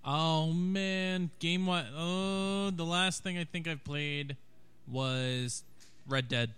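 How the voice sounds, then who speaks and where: Male podcast guest, clear smooth tone, slightly high, keeps apologizing. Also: steady tone, slow, fairly bright tone, dry recording. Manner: apologetic, hesitant, chatty. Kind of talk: casual podcast chat.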